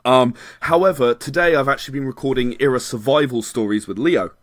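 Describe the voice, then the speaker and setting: A man talks casually as a podcast guest, winding through sentences full of "sort of" and little laughs. His voice sits at an ordinary pitch, and the sound is dry and close, with no room around it. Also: brisk, no echo. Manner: rambling, self-qualifying, laughs often. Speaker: game designer guest.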